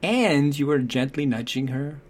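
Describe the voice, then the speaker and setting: A man's voice: a little high, animated, a little slow. A man talking through parenting advice in a reflective, conversational way, often checking in with "right?".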